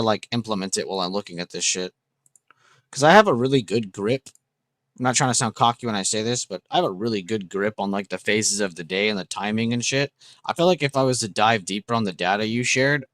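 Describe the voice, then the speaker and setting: A young man hosts a trading livestream, his voice on the low side and a bit bright, in a dry recording. He chats casually and enthusiastically with viewers, reacting to chat and swearing freely.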